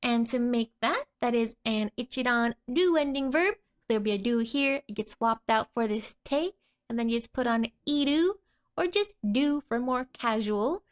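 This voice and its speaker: A woman's voice: a little high, animated, normal speed. A woman teaching a casual language lesson, laughing often between her explanations.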